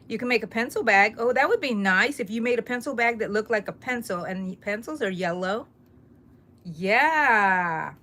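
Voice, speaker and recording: A woman's voice: mid-range voice, fairly bright tone, a little hiss or hum. A middle-aged woman hosting a casual crochet live stream, chatting, reading viewer comments aloud and laughing often. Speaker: crochet livestream host.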